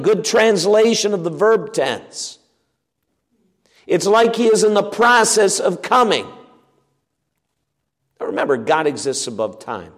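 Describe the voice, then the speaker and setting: Slow, emphatic preacher man in a hall. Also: on the high side, sing-song. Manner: emphatic, repeats key words. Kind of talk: expository sermon.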